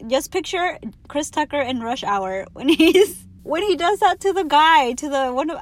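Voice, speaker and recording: A young woman hosts her own podcast, telling stories straight into the mic in a loose, candid way. She swears freely and laughs a lot as she talks. Her voice sits a little high and sounds dry and close. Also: expressive, moderate pace, hardly any pauses, dry recording. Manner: candid, profane, laughs often. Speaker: podcast host. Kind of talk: casual storytelling monologue.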